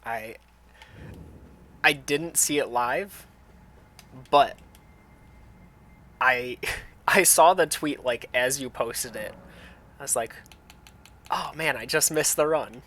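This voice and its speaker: Man, game streamer, chatting with viewers, rambling, slightly nasal, runny nose, bright sharp tone. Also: mid-range voice, takes it slowly, long pauses, a little hiss or hum. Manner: loose and rambling, thinks aloud with restarts, reads and answers chat. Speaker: streamer playing a video game. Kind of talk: casual live-stream chat, talking to viewers while playing.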